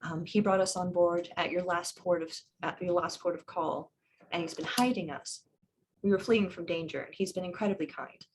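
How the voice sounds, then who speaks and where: Brief: woman tabletop player, lower voice, formal and earnest, faint background noise. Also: normal speed. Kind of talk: in-character tabletop role-play.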